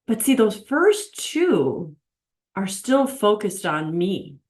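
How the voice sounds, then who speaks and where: A woman's voice: medium pitch, sing-song, takes it slowly, darkish tone. A middle-aged woman giving a casual, earnest teaching talk on faith and marriage, acting out the voices she quotes and driving her points home through repetition.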